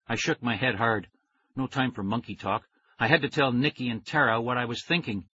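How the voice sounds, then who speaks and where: A man reading a children's story aloud in first person, with expressive storytelling. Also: medium pitch, fairly quick, husky. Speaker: audiobook reader. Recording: dry, dull lo-fi recording.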